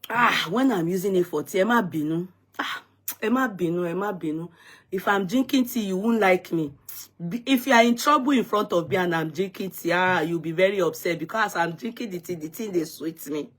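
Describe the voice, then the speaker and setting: A Nigerian livestream host with a lowish voice talks fairly quickly in a relaxed stream. Playful and talkative, she welcomes viewers by name and drifts into Pidgin and Yoruba.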